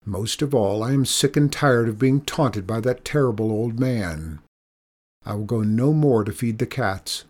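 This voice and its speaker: A man voicing a weary, proud old woman who feeds stray cats, sharp and taunting in her speech. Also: medium pitch, a little slow, lightly acted. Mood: tired, resolved.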